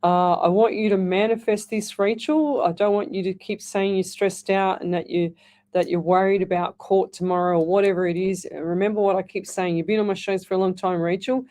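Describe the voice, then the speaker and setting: A woman's voice: mid-range voice, fairly even intonation, a little fast, darkish tone. A middle-aged woman hosting live radio psychic readings, chatting in a rambling way with frequent restarts. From Australia. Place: radio studio.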